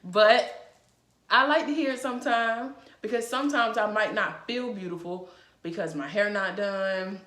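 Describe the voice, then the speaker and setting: A woman vlogger speaks straight to the camera in a loose, chatty way, blunt and unfiltered, swearing freely. Her voice sits at an ordinary middle pitch and carries a roomy echo from an indoor space. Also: fairly bright tone. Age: adult. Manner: blunt, frank and profane; chatty and emphatic. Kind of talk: casual advice vlog. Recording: echoey room.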